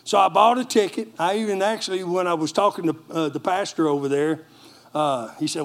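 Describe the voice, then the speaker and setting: A middle-aged male pastor delivers a sermon, telling a story with energy and turning to the congregation for responses. His voice sits high for a man. He preaches with a lively, storytelling manner. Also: brisk, gravelly.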